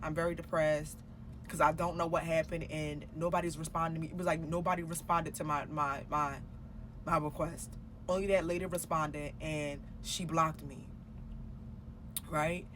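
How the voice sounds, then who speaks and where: A woman's voice: deep voice, level tone, moderate pace, a bit bright, slight background noise. A woman telling a personal story in a casual storytime vlog. She swears freely and acts out her own past dialogue as she goes. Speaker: storytime vlogger.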